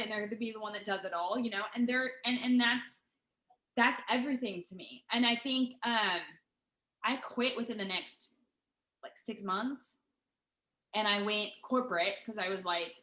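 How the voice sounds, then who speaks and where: A woman's voice: fairly high pitch, a bit bright. A woman telling a long story in casual chat, rambling and profane, with lots of fillers and restarts. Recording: roomy echo.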